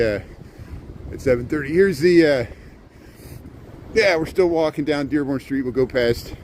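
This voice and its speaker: A man out on a cold, windy street leads a city walking tour by livestream, chatting loosely and responding to viewers as he goes. His medium-pitched voice has a darkish tone, captured on a low-quality recording.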